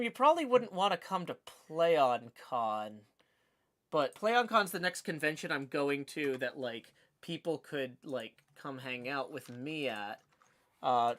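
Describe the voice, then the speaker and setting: A man's voice: a little high, fairly bright tone. A man with a Southern US accent chatting casually on his livestream as host, rambling with lots of fillers. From Tennessee. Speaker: streamer host.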